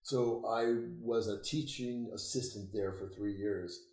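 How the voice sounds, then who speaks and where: Laughing older man telling animated stories. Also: on the low side, measured pace. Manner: animated, laughing storyteller, swears freely. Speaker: interview guest, occultist author. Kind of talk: casual storytelling conversation. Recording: roomy echo.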